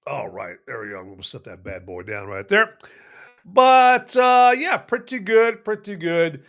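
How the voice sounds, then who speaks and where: Casual podcast host, male, slightly higher voice, rambling and jokey beer review. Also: very animated, a little slow, a bit bright, soft background music. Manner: rambling, lots of fillers and restarts, jokey. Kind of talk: casual chat.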